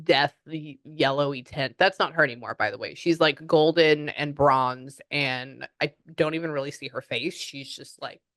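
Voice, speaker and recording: A woman with a slightly low voice gives a casual spirit reading. She rambles on with many "um"s and "like"s. The sound is close and dry. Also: normal speed, hardly any pauses, fairly bright tone, dry recording. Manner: chatty, rambling, many fillers. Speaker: psychic medium.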